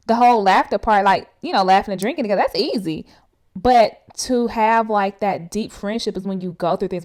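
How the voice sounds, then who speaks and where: A woman giving a casual recap of a reality show episode, talking straight to viewers in a chatty, animated way full of fillers. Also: medium pitch. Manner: speaks straight to viewers as "y'all".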